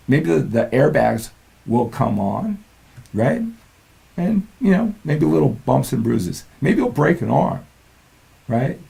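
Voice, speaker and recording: Older male coach, very gravelly and mellow, earnest motivational talk, keeps asking "right?". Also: mid-range voice. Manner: earnest, peppers lines with "right?". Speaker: fitness and mindset coach.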